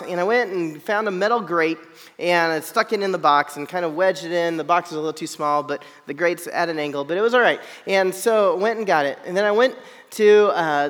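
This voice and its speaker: A man telling a humorous personal story to an audience, animated and self-deprecating, often checking in with "right?". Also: high voice, long reverb tail.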